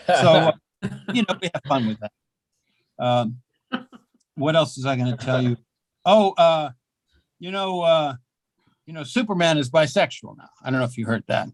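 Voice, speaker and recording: An older man doing a self-mocking stand-up set at an open mic, with deadpan delivery and halting fillers. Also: fairly high pitch, no room sound. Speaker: stand-up comedian. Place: small comedy club.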